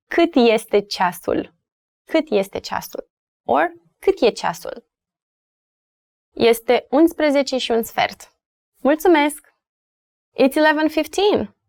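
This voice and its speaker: Slow-paced Romanian-accented woman teaching. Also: fairly high pitch, lively intonation, vocal fry, darkish tone, no room sound, clean studio sound. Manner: repeats words slowly for learners. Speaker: language teacher. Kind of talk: language lesson.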